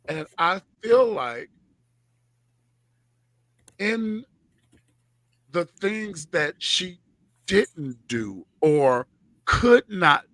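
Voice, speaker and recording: A man hosting a talk show, speaking slowly and personally in a soft, reflective way. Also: fairly high pitch, dry recording. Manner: slow and personal, soft-spoken with gentle laughs. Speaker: show host.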